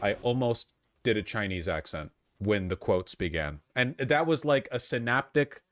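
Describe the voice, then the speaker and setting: A man's voice: on the low side, lively intonation, moderate pace, a bit bright. A man reading news stories aloud and breaking off into sarcastic, profane asides as a political commentator.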